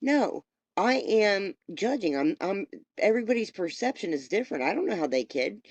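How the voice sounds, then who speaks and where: A woman's voice: mid-range voice, very animated, moderate pace, slightly rough, no echo. A woman hosting a podcast, giving a rambling, profane, motivational spiritual pep talk. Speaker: podcast host. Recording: dull lo-fi recording.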